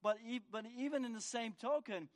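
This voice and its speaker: A pastor with a very high voice preaches a sermon at a slightly fast pace. He repeats words as he restarts and often asks the congregation to agree through tag questions.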